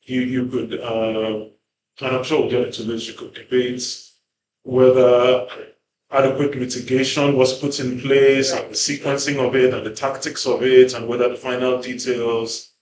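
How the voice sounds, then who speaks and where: A man's voice: mid-range voice, little pitch movement, moderate pace, a little mellow. Man musing, roomy sound. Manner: thoughtful, hedging, many fillers and restarts. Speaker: panel guest. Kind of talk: conversational panel discussion. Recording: roomy with faint background ambience.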